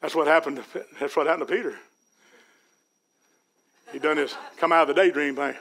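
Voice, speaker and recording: High-voiced folksy preacher. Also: male voice, brisk. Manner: folksy preaching, Southern US dialect, builds to shouts. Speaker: pastor. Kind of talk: sermon. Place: church sanctuary.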